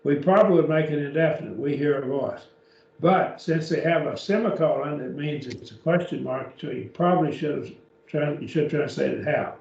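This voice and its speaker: A man's voice: fairly high pitch, normal speed, creaky, darkish tone. A man teaching a beginners' Greek class, patiently explaining step by step and often checking with "okay?", recorded from a distance. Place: church classroom. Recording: echoey room, distant mic, dull lo-fi.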